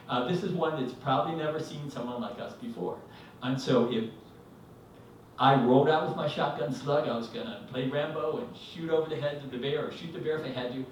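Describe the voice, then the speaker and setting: A man spins a rambling story at a live storytelling night, stopping and restarting, acting out what people said. His mid-pitched voice comes from some way off the mic and rings through a very echoey hall, with faint noise underneath. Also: brisk, far from the mic. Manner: rambling, animated, acts out quotes. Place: live event venue, indoors.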